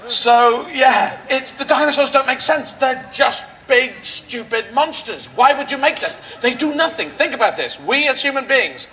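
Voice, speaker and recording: Male stand-up comic, high voice with gravelly fry, rambling absurdist riffs, outdoor rally stage mic. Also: pushed and bright, poor audio. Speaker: stand-up comedian. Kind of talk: stand-up comedy routine.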